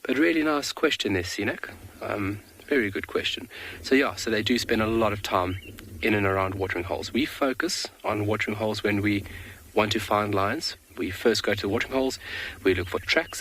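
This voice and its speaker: A man's voice: on the low side, moderate pace, a bit bright, breathy edge. A man guiding a live safari broadcast outdoors, answering viewer questions in a friendly, explanatory way. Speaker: safari guide. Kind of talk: live wildlife commentary.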